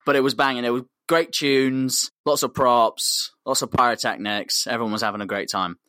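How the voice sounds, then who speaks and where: A man's voice: mid-range voice, steady tone, moderate pace, sharp tone, no echo, studio quality. A man co-hosting a podcast, telling a comic story in a rambling, slangy, sweary way. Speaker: podcast co-host.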